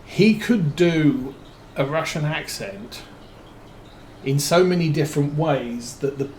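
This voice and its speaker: A man tells a meandering story while he plays, trailing off into fillers and restarting his sentences. He talks slowly, and his voice echoes in a roomy space over a faint hum. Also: fairly high pitch, darkish tone. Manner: rambling, hesitant, many fillers and restarts. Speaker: streamer. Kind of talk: casual storytelling while playing a farming game.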